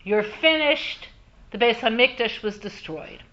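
Woman playing a male stranger, urgent, high and loud, dull lo-fi sound. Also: animated, unhurried. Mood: grim. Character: passing stranger, a man bringing news.

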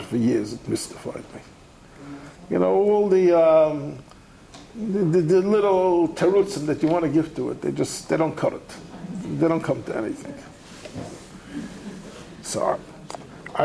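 A man's voice: a little high, moderate pace, vocal fry, slight background noise, low-quality recording. A man giving a Talmud study lecture, talking animatedly and conversationally as the teacher. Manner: animated, conversational, acts out the texts he quotes.

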